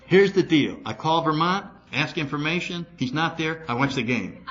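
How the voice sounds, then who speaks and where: Older man telling a lively recovery story. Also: on the high side, moderate pace, lo-fi sound. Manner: animated, acts out both sides of dialogues. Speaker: recovery speaker. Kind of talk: storytelling talk to a meeting.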